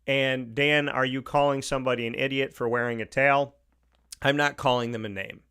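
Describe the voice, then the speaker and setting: A man's voice: mid-range voice, fairly even intonation, moderate pace, pushed and bright, clear, resonant tone. A man hosting a talk show with an Upstate New York accent, delivering an opinionated monologue, emphatic and repeating his points. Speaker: radio show host.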